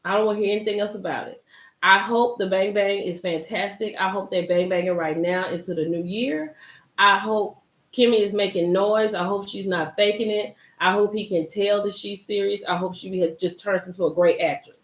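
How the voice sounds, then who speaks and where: A young woman hosting a live recap chat, animated and excitable, talking straight to her viewers by name. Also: mid-range voice, normal speed, reverberant. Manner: animated, gets hyped and loud, talks to chat by name. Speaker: livestream host recapping a reality show.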